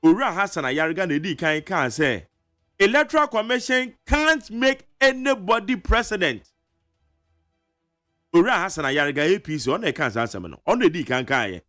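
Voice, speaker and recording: Ghanaian man, radio host, studio mic, animated chatty delivery, sharp bright tone. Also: on the high side, soft background music. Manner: chatty, animated, frequent laughs and quick asides. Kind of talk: radio morning show, news review and listener messages. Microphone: studio microphone.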